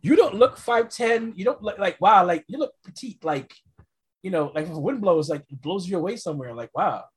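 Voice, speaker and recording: A podcast host with a husky, breathy tone, talking in an animated, rambling way. Full of fillers and quick restarts, with a middle-range pitch that jumps up when excited. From New York. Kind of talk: casual chat.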